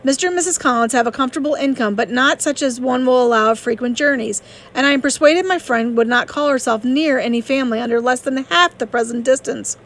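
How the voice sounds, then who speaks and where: A woman reading as a sharp-witted young lady. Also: high-pitched, fast. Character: witty young woman, lively and sharp-tongued. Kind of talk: audiobook reading.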